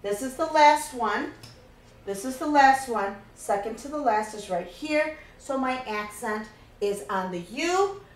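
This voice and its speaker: A woman's voice: a little high, lively intonation, a little slow, roomy sound, poor audio. A woman teaching a Spanish grammar lesson, patiently walking through each step and repeating key points.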